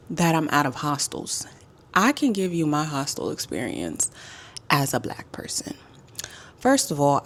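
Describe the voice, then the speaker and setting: Female travel vlogger with a low register, sassy and emphatic storyteller. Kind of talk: casual storytime vlog.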